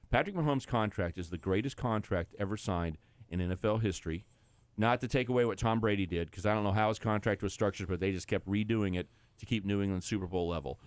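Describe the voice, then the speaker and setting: Man, football analyst on the radio, lowish voice, dry studio sound, confident. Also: dry recording. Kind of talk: sports radio commentary.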